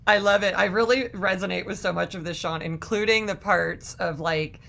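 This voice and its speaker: Female interview host, crisp bright tone with some fry, encouraging. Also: medium pitch, steady tone, moderate pace. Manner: warm, encouraging reactions. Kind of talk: interview chat.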